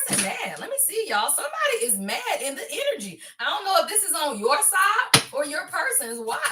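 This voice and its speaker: A middle-aged woman giving a casual spiritual tarot reading, chatty and animated, swinging between soft musing and excited outbursts. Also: high-pitched, far from the mic. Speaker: tarot reader.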